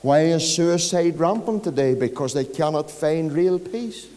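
A man's voice: fairly high pitch, expressive, unhurried, hardly any pauses, dark tone. A man with a Northern Irish accent preaching an evangelistic sermon, telling a story and rising to emphatic peaks. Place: large church hall. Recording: church hall reverb.

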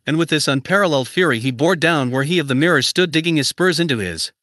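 A male audiobook narrator with a slightly raised, bright and forceful voice. He reads in an even, measured way and barely changes his voice for the characters. The sound is dry and close, with no room around it. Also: on the high side, no echo. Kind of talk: scripted narration.

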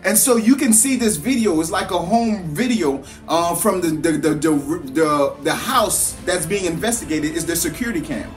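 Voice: medium pitch, normal speed, hardly any pauses, faint music behind. A parent giving an earnest motivational talk, repeating phrases with a preaching cadence and telling a story to make a point. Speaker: motivational speaker.

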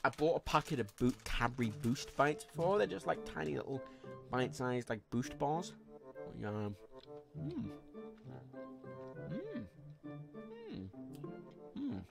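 A man's voice: mid-range voice, very animated, measured pace, creaky, long pauses, over music. A man streaming live gameplay, rambling frankly and swearing as he reads chat and plays. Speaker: livestreamer.

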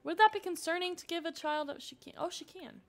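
Speaking a little fast in a very high voice, a young woman narrates her live-streamed gameplay. She gushes excitedly and often talks right to the characters in the game.

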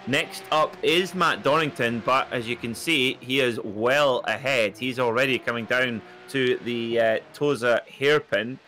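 Guy doing race commentary, bright punchy voice, gets all excited at near misses. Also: measured pace, hardly any pauses, a little hiss or hum. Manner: excitable, rises sharply in pitch at close moments. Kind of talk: sim racing commentary.

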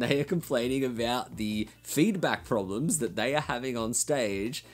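An Australian man with a nasal voice, explaining recording gear in a blunt, casual way and swearing now and then. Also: mid-range voice. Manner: blunt, swears casually, laughs between points. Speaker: recording studio educator.

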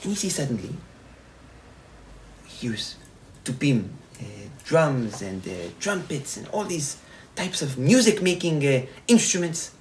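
A man, a rabbi, retelling a parable in a sermon, animated and repetitive. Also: fairly high pitch, unhurried, slight background noise, poor audio. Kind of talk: sermon storytelling.

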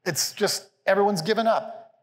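Man preaching a sermon, senior pastor, fairly high voice, animated and playful, long hall reverb. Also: moderate pace. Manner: animated, playful, acts out quotes with rising pitch. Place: large church hall with a live congregation.

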